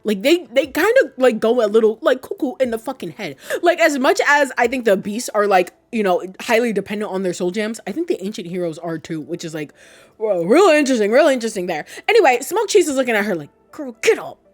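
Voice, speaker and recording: A woman's voice: fairly high pitch, lively intonation, fast talker. Rambling, jokey woman explaining game lore. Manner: rambling, profane, jokey asides. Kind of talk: casual chat.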